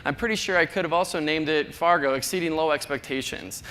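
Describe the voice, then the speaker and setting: A man's voice: quick pace, bright, forceful tone. A man in his thirties from North Dakota giving a chatty, self-deprecating conference talk in a large hall. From North Dakota, USA. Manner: chatty, self-deprecating, acts out quoted people in a higher voice. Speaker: conference speaker. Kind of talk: keynote talk. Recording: long hall reverb, faint noise.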